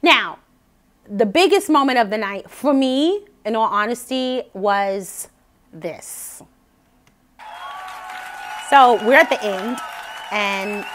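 High voiced lady vocal coach vlogging, bubbly and chatty, lots of likes, soft music under. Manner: animated, chatty, laughing, frequent fillers. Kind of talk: casual vlog commentary.

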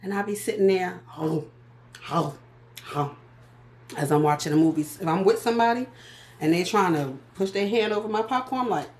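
A woman, chatting in a casual vlog with animated, profane storytelling. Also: lowish voice, moderate pace. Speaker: vlogger. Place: walking around.

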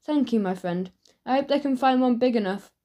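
An earnest, easily wounded shopkeeper man from a children's storybook, played by a woman narrator. He talks gravely and fusses over small matters. The voice sits fairly high. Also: a little fast, warm tone, natural voice. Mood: teasing. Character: earnest, fussy adult male shopkeeper.

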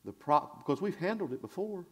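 A male pastor preaching a sermon in a church, swinging from shouted declarations to hushed asides in a folksy, conversational way. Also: sits high, expressive, slightly rough. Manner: conversational, drawn-out and folksy, with audience call-and-response.

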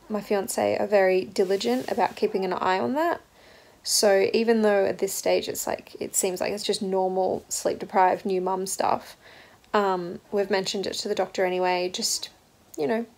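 A woman's voice: medium pitch, vocal fry, a little mellow, poor audio. A young woman vlogging candidly about life as a new mother, reflective and open, with ums and restarts. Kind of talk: casual personal vlog.

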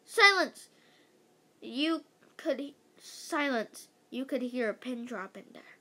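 A woman reading a children's chapter book aloud, lively, with occasional slips and restarts. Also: fairly high pitch, slow. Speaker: read-aloud host.

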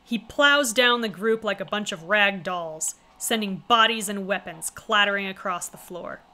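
A woman's voice: mid-range voice, normal speed, pushed and bright. A woman streamer reading a visual novel aloud, with wry, chatty asides in between. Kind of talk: casual reading with commentary.

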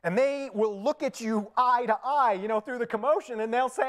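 A man's voice: extremely high pitch, animated, moderate pace, few pauses, a bit bright. A middle-aged man with an Indian accent, a pastor preaching a sermon in a church in a conversational, storytelling way, often laughing at his own asides. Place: church sanctuary.

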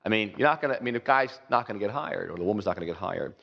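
A man's voice: lowish voice, expressive, racing, vocal fry, husky. Male pastor giving an off-the-cuff sermon with acted-out asides; muffled recording in a reverberant hall. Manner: conversational, full of "you know" asides, acts out quoted voices. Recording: dull, echoey hall recording.

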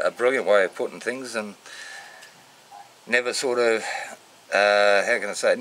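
A man with an Australian accent giving casual, unscripted shout-outs in a matey, rambling way full of slang. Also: on the low side. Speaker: vlogger.

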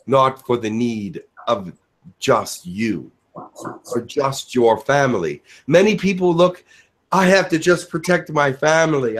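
A man speaking as the spirit Elijah in a channeled spiritual message, in a slow preaching cadence with dramatic pauses. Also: on the high side. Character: Elijah, a male spirit giving a solemn message.

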